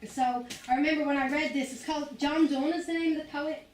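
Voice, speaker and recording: A woman's voice: high voice, fairly even intonation, fast, slight background noise. A woman with an Irish accent, a visiting spoken word poet talking casually to school students, loose and chatty with lots of "like" and "you know what I mean". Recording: echoey room from far off.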